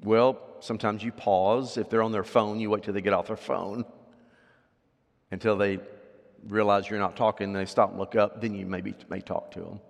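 A man preaching a sermon as pastor, swinging from loud, emphatic scripture readings to quiet asides and questions to the congregation. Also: on the low side, little pitch movement, normal speed, gravelly, muffled recording. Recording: long hall reverb.

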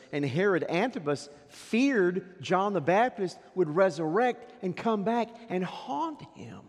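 A pastor preaching a sermon, swinging dramatically between loud declarations and hushed asides. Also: male voice, high voice. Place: church sanctuary. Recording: long reverb of a church hall.

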